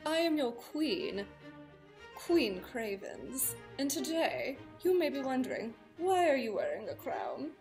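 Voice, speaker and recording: A woman's voice: medium pitch, unhurried, music in the background, close to an everyday voice. A woman putting on a playful storybook queen with a put-on regal accent and theatrical greetings. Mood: grand, playful.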